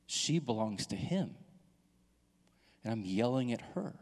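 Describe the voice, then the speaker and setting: A man in his thirties, a pastor, relates a personal story from the pulpit in an unhurried, mid-range voice. He acts out the different voices with animated flair, and the recording carries the long reverb of a church hall.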